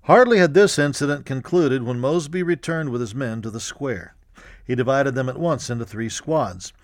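A man reading a history audiobook in a measured, even storytelling manner. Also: medium pitch, no echo, clean studio sound. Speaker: narrator. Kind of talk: scripted audiobook narration.

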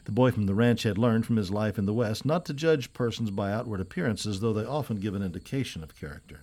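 A man narrating an old adventure novel as an audiobook, in a steady, even storytelling manner. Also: lowish voice, brisk. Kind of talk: scripted narration.

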